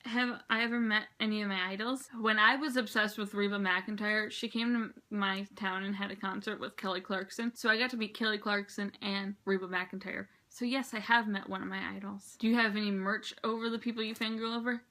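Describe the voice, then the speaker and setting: A teenage girl vlogging in a rambling, excitable, chatty way. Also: medium pitch, brisk, hardly any pauses. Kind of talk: casual chat.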